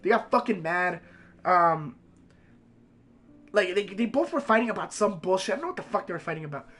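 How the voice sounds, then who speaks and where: A man's voice: high voice, animated, brisk, sharp tone. A young man, a game streamer, rambling through a profane story in casual chat.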